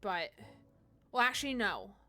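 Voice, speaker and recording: A woman's voice: mid-range voice, very animated, measured pace, sharp tone. A woman streaming a game, chatting in a playful, giggly way with her viewers. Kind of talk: casual live-stream commentary.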